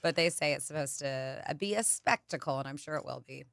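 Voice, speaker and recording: A woman's voice: sits low, fairly quick, vocal fry, a bit bright, dry recording. A woman co-hosting a radio show, chatting through entertainment news and teasing her co-host. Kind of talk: casual radio banter. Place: radio studio. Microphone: studio microphone.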